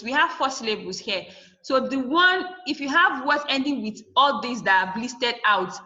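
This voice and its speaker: A woman's voice: on the high side, sharp tone. A woman teacher giving a classroom English lesson, spelling out word endings letter by letter and repeating each example word. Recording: dull lo-fi classroom recording.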